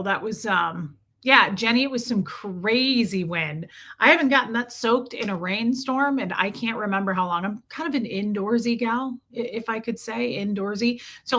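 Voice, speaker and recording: This is a young adult woman chatting casually on a livestream from her home. Her voice sits a little high and sounds bright and forward. She talks in a loose, friendly way and often calls her viewers "babe" and "girl.". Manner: chatty, warm greetings, frequent laughs. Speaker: livestream host. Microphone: streaming setup mic.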